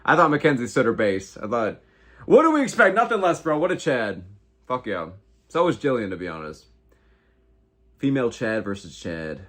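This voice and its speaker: A man's voice: mid-range voice, sing-song, moderate pace, long pauses, a bit bright. An American man in his twenties hosting a casual livestream, reading viewer comments and reacting with slangy, heavy swearing. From United States. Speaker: livestream host.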